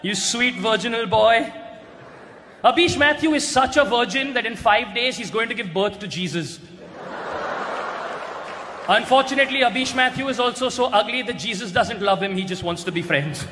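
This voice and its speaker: A man doing a stand-up roast on stage, mocking his targets with crude punchlines and often shouting them. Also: very high voice, animated, normal speed. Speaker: roast comedian. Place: large hall with a live audience. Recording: echoey hall recording with crowd noise.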